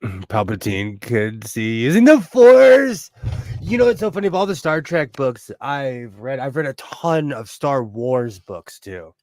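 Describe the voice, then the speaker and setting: A man's voice: mid-range voice, sing-song, measured pace, a little mellow, no echo. A man from Southern California co-hosting a livestream in casual chat, joking and laughing often as he talks. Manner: jokey, laughs often, trails off and restarts. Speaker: livestream co-host.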